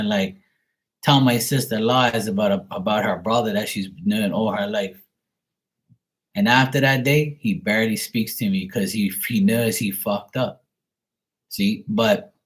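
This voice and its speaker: Lowish-voiced guy ranting through a story, swears a lot, fired up. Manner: profane, heated and animated. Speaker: livestream host. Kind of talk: casual storytelling.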